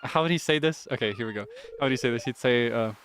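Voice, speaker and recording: A man casually chatting while streaming a farming game, rambling with lots of fillers and quick laughs. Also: medium pitch, a bit bright, slight background noise. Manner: rambling, many fillers, giggly.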